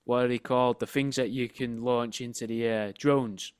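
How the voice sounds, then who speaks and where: Deadpan man on a call. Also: mid-range voice, moderate pace, clear, resonant tone. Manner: dry, deadpan jokes, laughs easily. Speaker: podcast co-host. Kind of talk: casual banter. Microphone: remote call.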